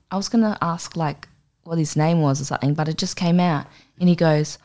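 Low-voiced woman telling crude stories. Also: a little fast. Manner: animated crude storytelling, acts out voices. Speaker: podcast host. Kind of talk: casual chat.

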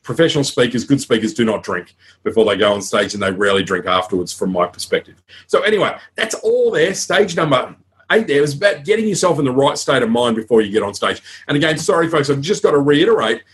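At a conference, a man with an Australian accent and a mid-range voice speaks about public speaking, frank and energetic, peppering his talk with asides and stories.

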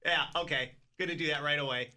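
A man's voice: a little high, fast talker, bright, forceful tone. A man co-hosting a radio show, bantering casually and telling a joking story. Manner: joking storyteller, slips into silly voices.

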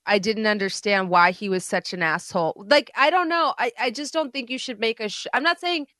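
Casting: bright, higher-voiced woman co-host, blunt and animated, dry close mic. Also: fairly quick, no room sound. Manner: animated, blunt, swears freely, mixes in Hindi-Urdu words. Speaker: podcast co-host. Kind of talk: casual chat.

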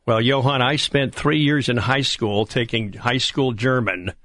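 A man's voice: medium pitch, fairly even intonation, unhurried, a bit bright, dry recording. A male radio host in his seventies leads the interview in a friendly, upbeat manner. His voice sits in a middle range and sounds dry and close on a studio mic. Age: 70s.

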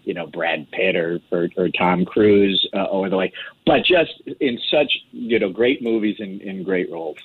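A man's voice: deep voice, moderate pace, breathy edge. A man chatting casually as a guest commentator, talkative with many restarts and fillers. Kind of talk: casual chat. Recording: lo-fi phone line.

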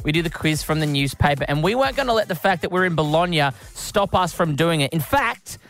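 A man's voice: a little high, animated, fairly quick, creaky, a bit bright. Man reading quiz questions. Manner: joking, reads quiz questions. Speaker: radio co-host. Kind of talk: casual chat.

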